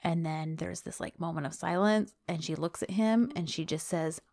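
Animated woman recapping a scene. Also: lowish voice, moderate pace, creaky. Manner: animated retelling, reading dialogue quotes aloud. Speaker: podcast co-host recapping a TV episode. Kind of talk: casual chat.

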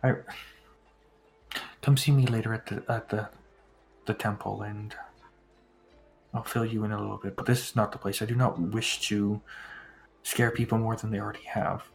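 A man voicing a calm, gentle priestess who speaks softly and keeps secrets. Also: on the low side, moderate pace, gravelly, pauses often, faint music behind. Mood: hushed.

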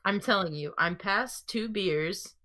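A woman's voice: medium pitch, unhurried, pushed and bright. A woman co-hosting a podcast in casual chat, giggly and teasing. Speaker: podcast co-host.

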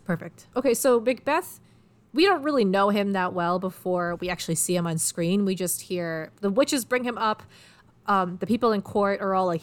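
A woman co-hosting a casual podcast about plays, talking chattily and explaining eagerly with many fillers. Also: medium pitch. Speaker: podcast co-host. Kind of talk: casual chat about literature.

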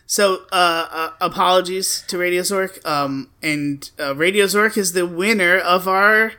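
A man with a bright, forward voice riffs through casual podcast banter. He teases his co-host with profane, deadpan jokes and loose tangents. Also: high voice, a little slow, clean tone. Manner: joking, profane, teasing.

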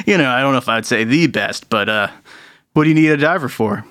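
A man's voice: mid-range voice, very animated, fairly quick, a bit bright, no room sound, studio quality. A man voicing a laid-back, cool retired male diver who is wary of trouble.

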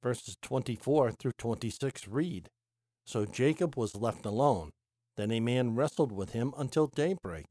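A man reading a devotional sermon aloud, measured and emphatic, with rhetorical questions. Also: medium pitch, expressive, mellow, no room sound, studio quality. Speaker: Bible teacher. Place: United States.

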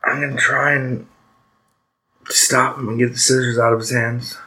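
A man's voice: medium pitch, level tone, normal speed, sharp tone, rough recording. A man playing a tabletop role-playing game, thinking aloud and swearing casually. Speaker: player.

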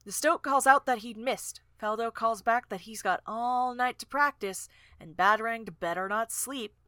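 A woman's voice: on the high side, a little slow, sharp tone, no echo, studio quality. A woman co-hosting a podcast, casually retelling and discussing book scenes. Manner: chatty, retelling scenes with many fillers. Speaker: podcast co-host.

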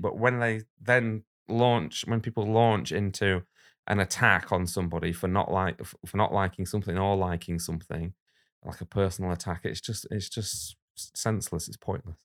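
A man speaking as a guest illustrator in a casual podcast conversation, outspoken and blunt, getting animated when something riles him. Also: low voice, moderate pace.

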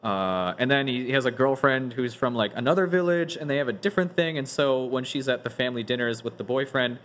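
In a laid-back group podcast with friends, the host, a man of normal pitch, talks fairly fast in long, meandering runs. He frequently stops and restarts his thoughts and fills gaps with "like."

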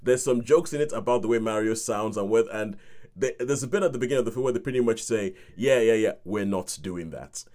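A man's voice: medium pitch, fast talker, darkish tone. A man hosting a film review podcast, chatting casually, laughing often and acting out his own reactions. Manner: chatty, laughing, acts out reactions and hums tunes.

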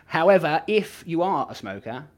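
A man's voice: on the high side, lively intonation, moderate pace. A man, a podcast guest in casual chat who rambles, restarts and chuckles as he talks. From England. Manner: rambling, self-interrupting, chuckling.

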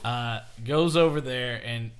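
A man co-hosting a podcast, telling a story in casual chat with lively laughs and acted-out quotes. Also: mid-range voice, takes it slowly, clean tone. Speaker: podcast co-host.

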